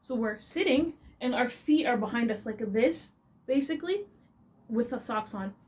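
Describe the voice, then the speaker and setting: A young woman with a Canadian accent, chatting casually to her viewers. Her voice sits a little high and moves with expressive, animated energy. She tells her story in a relaxed, talkative flow. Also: moderate pace. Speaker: vlogger.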